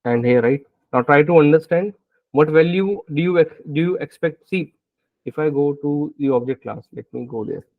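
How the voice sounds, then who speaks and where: A man's voice: fairly high pitch, moderate pace, no room sound. Male coding instructor working through code live, tinny dry recording, muttering and questioning himself. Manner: thinking aloud, frequent "right?" checks. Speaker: programming instructor.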